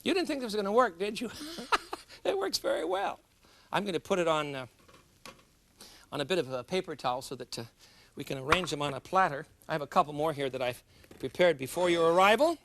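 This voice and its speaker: A man's voice: a little high, lively intonation, quick pace, noisy background. A middle-aged man hosting a cooking show, chatting and joking with viewers as he demonstrates a recipe. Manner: chatty, jokes with viewers, laughs at himself. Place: studio kitchen.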